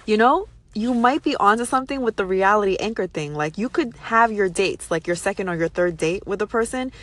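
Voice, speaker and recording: A woman's voice: medium pitch, fairly quick, slight background noise. A young woman hosting a casual chat, thinking aloud with lots of fillers. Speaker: host.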